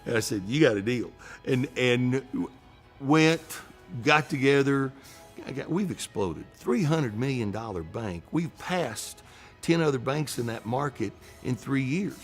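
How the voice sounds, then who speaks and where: A middle-aged man, a banker telling a story in an animated way. He acts out the dialogue and often restarts his words. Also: medium pitch, normal speed, faint music behind. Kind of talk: storytelling talk.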